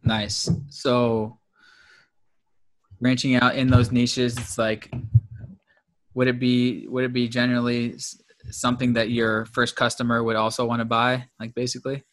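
A male podcast host with a bright, crisp-edged voice keeps his guest talking. He offers brief acknowledgments and asks questions in halting, restarted phrases. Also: mid-range voice, monotone. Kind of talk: casual interview.

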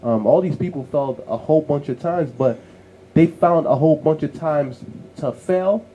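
A man from New York City co-hosting a casual podcast, with a mellow, warm tone. He tells his stories in a lively way and slips into the voices of the people he describes. A faint hiss sits under the recording. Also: on the high side, normal speed, lo-fi sound. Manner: lively storyteller who acts out family voices. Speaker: co-host.

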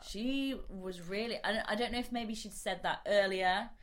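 A woman, co-hosting a casual podcast chat. She talks animatedly, laughs often and drops quick asides. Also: mid-range voice, noisy background. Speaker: podcast co-host. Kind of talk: casual chat about a TV show.

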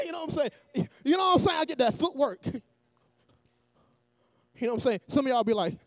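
A man preaching a sermon in a church, energetic and often shouting, with joking asides to the congregation. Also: extremely high pitch, fairly quick, pauses often, no room sound.

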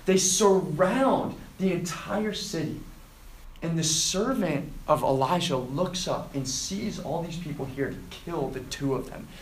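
A man preaching to students, retelling a scripture story and acting out the quoted lines with lively emphasis. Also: fairly high pitch, a little slow, echoey room, rough recording. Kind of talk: sermon to a student group.

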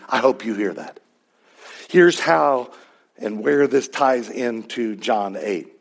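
A male pastor preaching a sermon in a conversational, emphatic way, with sudden loud peaks. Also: medium pitch, lively intonation, slow, gravelly.

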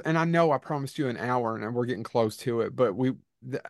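A man's voice: mid-range voice, fairly quick, vocal fry, dry recording. Eager stammering male host, dry sound. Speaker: podcast host. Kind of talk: casual interview.

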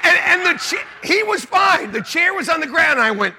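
A middle-aged man, a pastor, preaching a sermon with animated storytelling, laughing and shouting out quotes. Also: very high-pitched, fairly quick, gravelly, few pauses, background noise.

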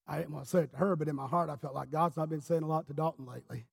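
Impassioned, husky-voiced preacher. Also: male voice, fairly high pitch, fairly even intonation, racing, hardly any pauses. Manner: impassioned storyteller, swinging from quiet to shouting. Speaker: pastor. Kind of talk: sermon. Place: church.

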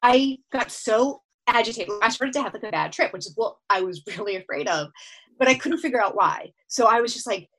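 A woman telling a long personal story in casual chat, acting out her own lines with bursts of shouting and laughter. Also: on the high side, lively intonation, a little fast. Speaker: guest storyteller.

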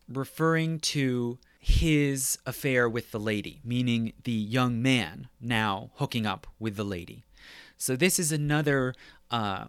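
A man with a mid-range voice delivers a literature lecture in a relaxed, conversational way, often pausing to check that his listeners are following. The sound is close and dry, with almost no room around it. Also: mid-range voice, clean tone, no echo. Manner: conversational, tags points with "right?". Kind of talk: academic lecture.

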